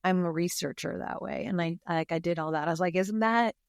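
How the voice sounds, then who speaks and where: A woman speaking as a podcast guest in casual conversation, openly emotional and expressive, talking in quick bursts. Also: fairly low pitch, gravelly, smooth, dry recording, clean studio sound.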